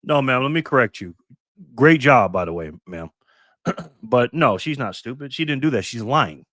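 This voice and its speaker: A man hosts a casual reaction live stream, talking bluntly and swearing freely. He rants in a direct, cutting way and stops to thank viewers by name. His voice sits at an ordinary male pitch, recorded close and dry. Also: animated, moderate pace, a bit bright, no room sound. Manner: blunt, profane, ranting commentary.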